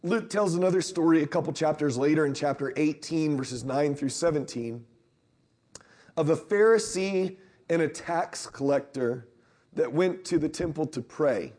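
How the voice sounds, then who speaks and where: A man preaching a sermon in a relaxed, talky way, his voice sitting a little high. When he acts out Bible characters he jumps higher and louder, then settles back down. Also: moderate pace. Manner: conversational, acts out Bible quotes with rising pitch.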